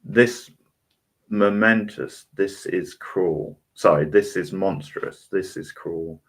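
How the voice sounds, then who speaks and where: Frightened young woman in a haunted house, read by a man; deep, slow, urgent delivery. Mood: frightened, desperate. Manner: desperate, emphatic pleading.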